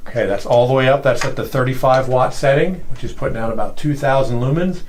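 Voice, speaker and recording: A man walks through a product demonstration in an office, explaining each setting in a plain, methodical way. His voice sits at an ordinary middle pitch. A faint background noise hangs under the recording. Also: quick pace, poor audio.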